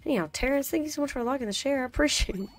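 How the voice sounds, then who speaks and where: A woman's voice: sits high, racing. A woman streaming a game, muttering to herself in casual chatter and breaking into sudden frustrated outbursts.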